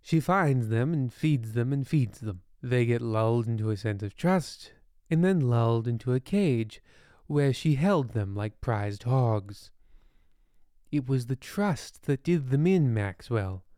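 A man narrating a comic bedtime story in a deadpan, rambling way with ominous asides. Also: mid-range voice, a little slow, dry recording, studio quality.

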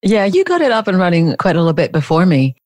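A woman hosting a podcast interview, asking curious questions in a warm, friendly manner. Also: lowish voice, sing-song, quick pace, no room sound. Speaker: podcast host.

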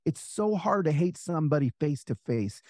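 Animated storytelling man, dry close sound. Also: a little high, normal speed, no echo. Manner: animated, acts out quoted voices, many fillers. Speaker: author and guest. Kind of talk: casual storytelling interview.

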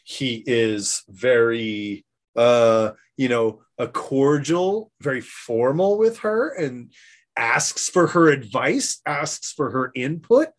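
A podcast co-host in casual discussion, speaking haltingly with frequent restarts. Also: medium pitch, lively intonation. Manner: slow, halting, restarts often.

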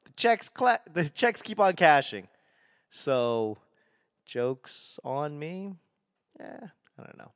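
A comedian and podcast host in his forties from Boston, New England, rambles through a solo monologue with a faint Boston accent. He's self-deprecating and sarcastic, his voice on the high side and very animated but slow, with long pauses. The sound is clean, studio quality, with no echo.

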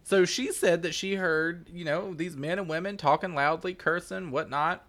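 A man co-hosting a podcast, telling a true-crime story in a jokey, casual way with quick asides and frequent laughter. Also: on the high side, steady tone, a bit bright.

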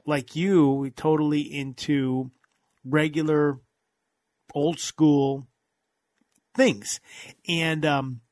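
A man's voice: on the high side, no echo. Guy hosting a money podcast, all fired up and rambling, dry close mic. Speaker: podcast host. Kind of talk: casual finance podcast chat.

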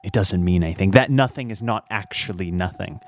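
A man's voice: sits low, a little fast. Man playing an indignant lecturing doctor. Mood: insistent. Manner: insistent, lecturing, rising to angry outbursts. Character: pompous frustrated male doctor, growing giant.

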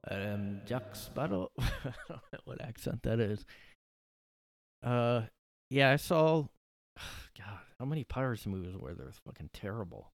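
A sarcastic man rambling through a casual solo podcast, swearing freely and sniffling from allergies. His voice sits a bit low, and the sound is close and dry with no room echo. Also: expressive, measured pace. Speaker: podcast host.

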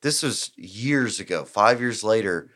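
A man's voice: fairly low pitch, unhurried, crowd noise. A man, telling a rowdy story on a podcast and acting out the people in it. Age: 20s. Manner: profane, animated storyteller acting out quotes. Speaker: podcast host. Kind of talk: casual storytelling chat.

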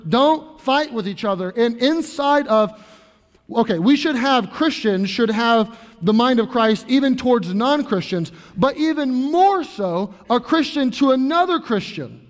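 A man's voice: extremely high pitch, animated, unhurried, long reverb tail. A male pastor in his thirties preaching a sermon in an earnest, conversational way, often restarting his sentences. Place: church sanctuary.

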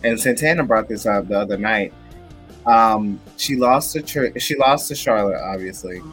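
A man's voice: lowish voice, moderate pace, a bit bright, soft background music. A man co-hosting a casual chat show, talking with sassy, dramatic asides. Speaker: podcast co-host.

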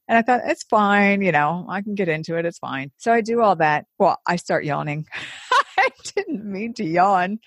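A woman's voice: medium pitch, very animated, brisk, no echo, clean studio sound. A woman casually telling a long dating story, acting out both sides of the conversation.

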